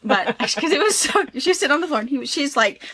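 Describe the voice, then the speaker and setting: A young mother in a casual chat, giggly and quick with her asides. Her voice is bright and a little high, and it moves up and down a great deal. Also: big pitch swings. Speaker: co-host, mother.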